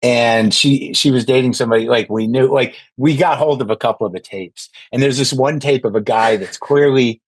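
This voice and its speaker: A man's voice: mid-range voice, normal speed, few pauses, no echo, low-quality recording. A man in his sixties, a podcast guest, talking in a rambling, self-deprecating way with lots of restarts. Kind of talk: casual podcast chat.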